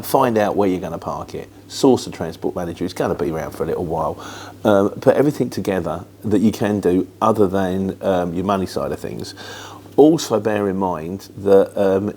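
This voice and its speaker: A middle-aged English man with a London-flavoured accent chats through viewer questions in a rambling, down-to-earth way, full of fillers. His voice sits fairly low, with a faint hum of noise behind it. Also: darkish tone. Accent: London-influenced Luton English. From England. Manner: chatty, rambling, matter-of-fact with filler words. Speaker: host answering viewer questions. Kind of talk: casual chat.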